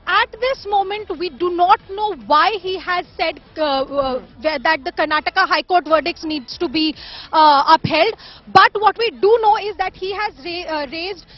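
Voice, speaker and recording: A very high-voiced woman delivers a live news report outdoors, pausing often with fillers as she gathers her words. The audio sounds dull and lo-fi, like a broadcast feed. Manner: hesitant, many fillers. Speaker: field reporter. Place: outdoors at a court.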